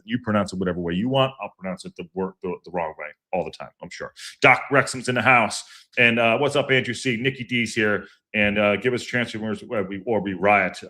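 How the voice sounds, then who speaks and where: A man hosts a fan podcast live stream in a relaxed, chatty way. His voice sits a little low. He wanders from point to point, restarts his sentences, fills gaps with ums and uhs, and calls out viewers by name. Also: fast talker. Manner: rambling, repeats himself with many fillers; greets chat viewers by name. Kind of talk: casual livestream chat.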